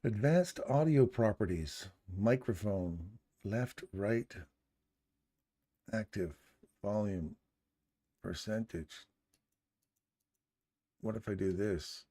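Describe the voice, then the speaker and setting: Man, live-stream host, low voice, joking and chatty, condenser mic at a home desk. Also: lively intonation, slow, pauses often, warm tone. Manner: joking, chatty, talks to himself while fiddling with settings. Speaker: trading livestream host. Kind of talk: casual live-stream commentary. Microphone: studio condenser mic.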